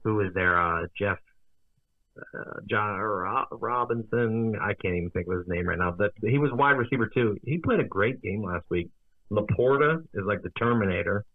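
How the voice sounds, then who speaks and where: A man co-hosting a casual sports betting podcast, talking in a relaxed, hesitant way. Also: on the low side, moderate pace, no echo. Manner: relaxed, hesitant, with fillers and restarts. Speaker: podcast co-host. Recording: tinny phone-like line.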